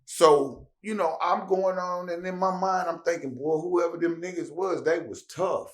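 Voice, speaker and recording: Animated man telling a story. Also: high-pitched, normal speed. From Tennessee. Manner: animated, acts out dialogue with raised voice. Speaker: podcast guest. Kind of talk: casual storytelling.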